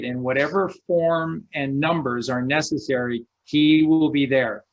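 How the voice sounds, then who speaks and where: A man's voice: mid-range voice, fairly even intonation, unhurried. Emphatic man guest, dull lo-fi audio. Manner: emphatic, rallying, repeats for stress. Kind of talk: casual chat. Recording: dull lo-fi sound.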